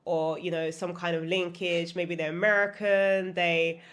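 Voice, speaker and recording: A woman's voice: lowish voice, fairly even intonation, moderate pace, fairly bright tone. A woman guest on a podcast interview, a property consultant who explains in lists and keeps checking in with "right?". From United Kingdom.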